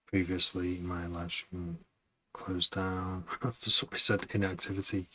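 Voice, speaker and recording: A man producing music on a live stream, chatting casually in a low-key, somewhat monotone way as he thinks out loud. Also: measured pace, a little hiss or hum. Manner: rambling, self-correcting, thinking out loud.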